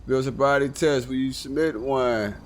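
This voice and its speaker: A man casually commenting on a live game stream, talking to himself with swearing and sudden loud outbursts. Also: mid-range voice, moderate pace, slight background noise.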